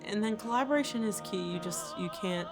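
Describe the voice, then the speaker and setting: Over music, a woman composer and theater maker reflects on her work in an interview, thoughtful and earnest. Her voice is mid-range and fairly quick.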